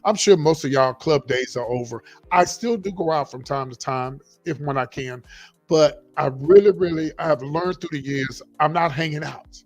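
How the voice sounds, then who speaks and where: Middle-aged male livestream host, lively and a bit high-pitched, quiet music underneath. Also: normal speed. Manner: animated, repeats himself, talks straight to viewers as y'all. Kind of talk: casual livestream chat reading viewer comments.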